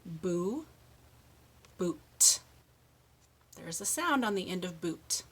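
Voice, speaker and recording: A middle-aged woman leading a speech lesson for young children, modeling words slowly with exaggerated endings and steady encouragement. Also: fairly low pitch, breathy edge. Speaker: speech therapist.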